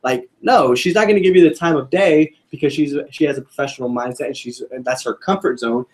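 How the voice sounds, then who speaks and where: Speaking briskly at medium pitch, a young man leads an informal sales training session for a group. He keeps it light with jokes and tests the audience by asking them questions.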